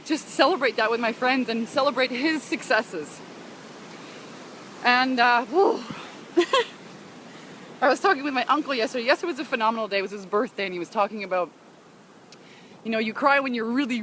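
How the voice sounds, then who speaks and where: A woman's voice: on the high side, fairly bright tone, a little hiss or hum. A woman live-streaming on a beach walk, talking casually and emotionally to her followers, often laughing and sighing and greeting viewers by name. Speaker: business coach broadcasting live to followers.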